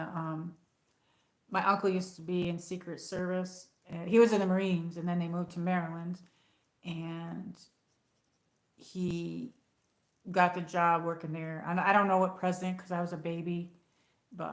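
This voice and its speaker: A woman hosting a casual livestream from home, rambling and chatty as she greets viewers by name. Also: fairly low pitch. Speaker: livestream host. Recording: echoey room.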